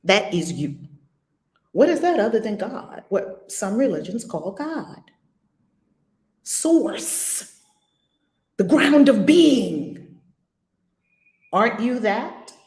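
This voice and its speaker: A woman's voice: a little high, very animated, slow, long pauses, a little mellow, roomy sound. A woman leading a spiritual lesson at home, asking many rhetorical questions in an emphatic way. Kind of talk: spiritual teaching with questions to a student.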